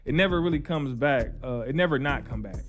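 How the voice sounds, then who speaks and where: A man walks through charts in a loose, chatty screen-share tutorial. He repeats himself and drops slangy asides, his voice sitting at a middle pitch. Faint music plays behind him. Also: lively intonation, brisk. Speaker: trading educator.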